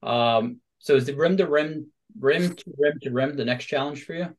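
A man's voice: on the high side, moderate pace. Chatty upbeat male podcast host. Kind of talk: casual conversation.

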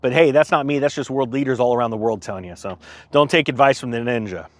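A man's voice: mid-range voice, quick pace, no room sound. A man hosting a casual morning vlog, chatty and self-deprecating as he reads out viewer comments and reacts to them. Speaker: vlogger host. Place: outdoors at sunrise.

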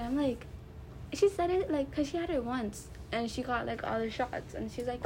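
Young woman cohost, high voice, quotes people a lot in her stories, faint hiss. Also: moderate pace, darkish tone. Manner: tells stories by quoting others. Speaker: podcast co-host. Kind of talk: casual chat.

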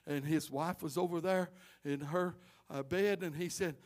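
A middle-aged man preaching a sermon as pastor, swinging from loud impassioned cries to quiet asides. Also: on the high side, measured pace.

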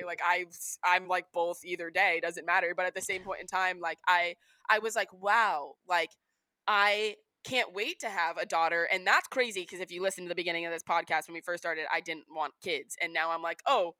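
A woman's voice: lowish voice, fairly even intonation, fast, few pauses, sharp tone, no echo. A young adult woman co-hosting a podcast in casual chat, speaking candidly, swearing freely and acting out quoted lines. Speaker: podcast co-host.

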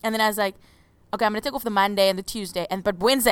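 A woman telling stories in a casual chat, animated and laughing often. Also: mid-range voice, racing, clean tone, dry recording. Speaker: radio co-host.

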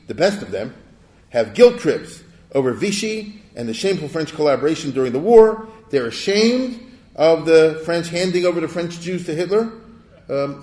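A man's voice: on the high side, a little mellow. An older man giving an informal history lecture, chatty and rhetorical, often checking that listeners follow. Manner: chatty, rhetorical, keeps checking "you understand?". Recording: roomy echoey room.

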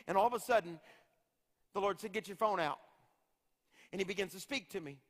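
A man's voice: high voice, normal speed, pauses often, fairly bright tone. A middle-aged man, an evangelist, preaching a revival sermon with impassioned, rhythmic repetition. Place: large church hall. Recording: long hall reverb.

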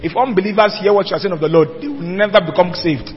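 Speaking fast in a high-pitched voice, this male pastor delivers an emphatic sermon full of rhetorical questions for his congregation. The audio is a dull, lo-fi church hall capture with long reverb.

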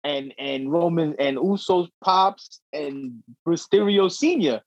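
A young man co-hosting a casual wrestling podcast, talking in a profane, slangy, excitable way. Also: a little high, takes it slowly, dry recording. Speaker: podcast co-host. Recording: dry dull lo-fi audio.

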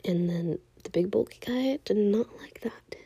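A young woman telling a personal story in a casual, hushed way, often half-whispering and full of "like". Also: mid-range voice, unhurried, vocal fry, slightly rough.

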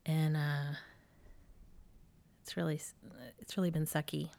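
A woman's voice: deep voice, a little slow, vocal fry. Candid woman telling stories to her husband. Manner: candid, animated storytelling with laughs. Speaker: podcast co-host, ministry leader. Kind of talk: casual conversation with spouse.

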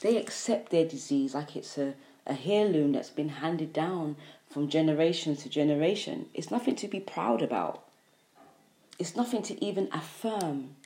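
A woman's voice: low voice, animated, normal speed, dark tone. A woman giving an earnest, emphatic health monologue, driving her points home with repeated lists. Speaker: health speaker.

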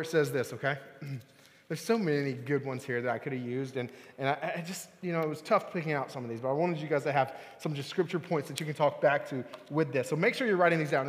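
A man in his thirties preaching a lively sermon, playful and talking straight to the room with bursts of excitement. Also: high voice, big-room sound. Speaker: youth pastor. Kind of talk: lively sermon to a young crowd. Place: large church hall.

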